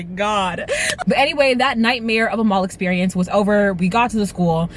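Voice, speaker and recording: A woman in her twenties telling a dramatic storytime vlog to her viewers, with lively asides. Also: on the high side, normal speed, slight background noise. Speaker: vlogger. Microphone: camera mic.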